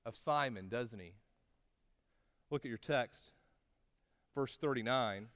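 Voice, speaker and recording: A man preaching a sermon, telling the story with rising intensity at dramatic moments and slowing to stress key words, often asking his listeners "right?". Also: mid-range voice, fairly bright tone, big-room sound. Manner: conversational with tag questions and restarts. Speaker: pastor.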